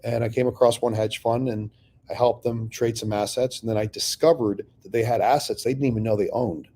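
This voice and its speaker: A middle-aged man spins a long personal story in a relaxed podcast chat. His voice is mellow and warm at an ordinary pitch. He swears often and slips into other people's voices as he quotes their words. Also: a little fast, husky. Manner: profane, animated storyteller acting out dialogue. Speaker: real estate investor telling his story.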